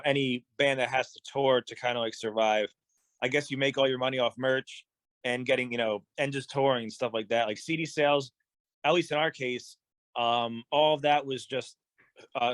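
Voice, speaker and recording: Relaxed man telling rambling stories, dry sound. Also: medium pitch, no room sound. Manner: rambling, relaxed, many fillers and restarts. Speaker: guest musician. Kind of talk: casual storytelling in an interview.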